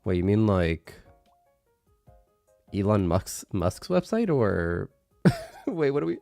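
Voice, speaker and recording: A young man streaming casual chat, his nose congested, laughing often and slipping into halting Japanese. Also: lowish voice, very animated, creaky, dark tone, dry recording, soft background music.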